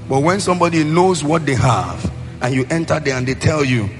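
A man with a Nigerian accent preaching a sermon as pastor, in a sing-song cadence that rises into shouted emphasis. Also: a little high, fairly quick. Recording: long hall reverb, faint music.

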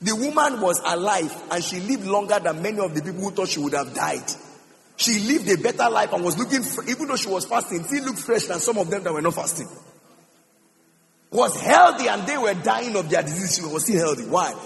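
A man's voice: high-pitched, lively intonation, a little fast, gravelly, a bit bright. A man preaching a sermon as pastor, emphatic, repeating phrases and singing some lines out. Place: church hall. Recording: reverberant hall with music behind.

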